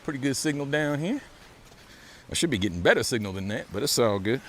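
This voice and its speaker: Casual male walking vlogger on a phone outdoors, mid-pitch, relaxed, faint street noise behind. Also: brisk. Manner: laid-back, thanks viewers for donations, repeats phrases. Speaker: live-streaming walking vlogger. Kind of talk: casual live-stream walk and talk. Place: outdoors by a beach and pools.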